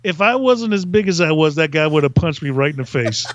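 A man from Virginia, a podcast guest telling comic stories in an animated way and laughing as he goes. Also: on the high side, brisk, slight background noise. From Virginia, USA. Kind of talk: comic storytelling. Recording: dull lo-fi dry recording.

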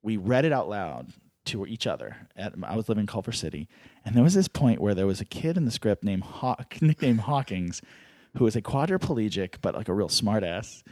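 A man's voice: on the low side, big pitch swings, brisk, warm tone, dry recording. A middle-aged man and screenwriter, telling comic stories casually as a podcast guest and laughing through them.

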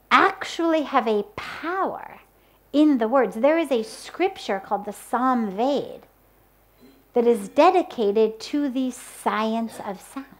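A woman giving a spiritual talk on the power of sound, speaking deliberately and using everyday examples. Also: fairly high pitch. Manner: slow, deliberate, with spoken examples. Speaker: spiritual teacher. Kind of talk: spoken talk on mantras.

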